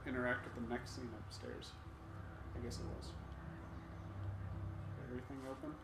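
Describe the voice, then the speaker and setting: A man's voice: medium pitch, little pitch movement, moderate pace, gravelly. Guy doing game playthrough banter, dry jokes, swears, echoey room with noise behind. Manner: wry, swears, laughs a lot. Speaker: gaming let's play host.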